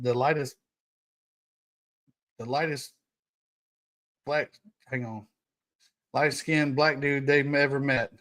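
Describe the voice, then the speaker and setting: A young man hosting a casual solo podcast, reading notes aloud and joking with his live chat, laughing often. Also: medium pitch. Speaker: podcast host.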